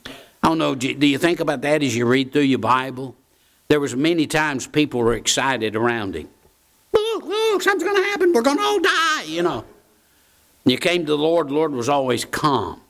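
A man's voice: mid-range voice, normal speed, gravelly, fairly bright tone. A man preaching a sermon in a folksy way, repeating key phrases for emphasis.

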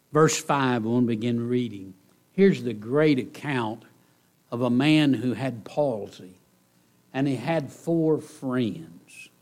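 A man preaching a sermon to a congregation, repeating his key phrases and swinging between loud outbursts and hushed lines. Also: medium pitch. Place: church service.

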